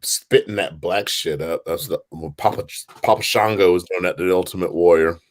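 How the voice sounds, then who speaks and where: A man's voice: sits low, brisk. A man co-hosting a casual podcast, chiming in with short remarks. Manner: short interjections. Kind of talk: casual chat.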